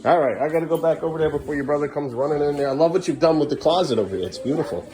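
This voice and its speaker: A man's voice: on the high side, very fast, noisy background. A man filming his family at home, talking in a sing-song voice to his kids and muttering weary asides. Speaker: parent vlogger. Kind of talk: casual family vlog.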